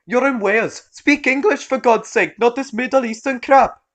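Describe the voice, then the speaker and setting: A man voicing a furious, entitled middle-aged mother who snaps and demands in a shrill voice. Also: moderate pace, fairly bright tone. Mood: angry scolding. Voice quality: shrill and screeching. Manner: hostile, demanding, snapping.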